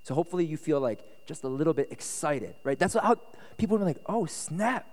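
A man preaching a casual, conversational sermon as pastor at a retreat, relaxed and chatty, often checking that listeners follow. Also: on the high side, fast. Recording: echoey hall reverb.

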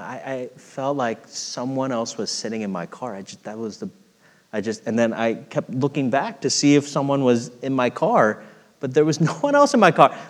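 A middle-aged man preaching a sermon in an earnest, storytelling way, swelling louder when stirred and dropping soft when reflective. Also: medium pitch. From United States. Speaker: pastor. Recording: long hall reverb.

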